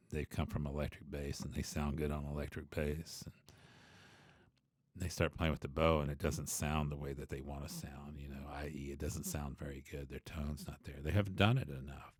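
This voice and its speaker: Guy w a super low voice chatting about bass teaching, dry close sound, rambly and reflective. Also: husky, no room sound. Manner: reflective, loose, full of asides and restarts. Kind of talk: conversational teaching monologue.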